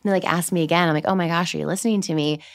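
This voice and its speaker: American woman guest on a podcast, talks fast, slightly low voice, laughs a lot and acts out quotes. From United States. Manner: animated, laughs often, acts out quotes of herself and others. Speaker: guest, Olympic swimmer. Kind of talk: podcast interview storytelling.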